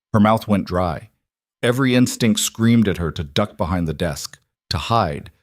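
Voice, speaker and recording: Man, dramatic scripted narration, deep voice, dry recording. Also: a little mellow, dry recording. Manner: dramatic, suspenseful storytelling.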